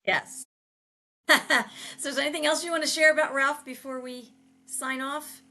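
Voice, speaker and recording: Brief: female podcast host, bright tone, lively storyteller, emotional and quick to laugh. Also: high-pitched. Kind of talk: casual chat.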